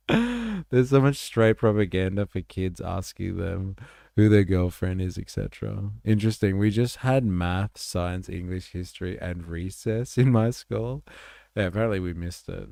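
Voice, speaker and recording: Gravelly low-voiced man streamer. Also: expressive, moderate pace, no room sound, studio quality. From Australia. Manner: laid-back, joking, swears freely, laughs loudly. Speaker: live stream host reacting to videos. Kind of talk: casual live reaction chat.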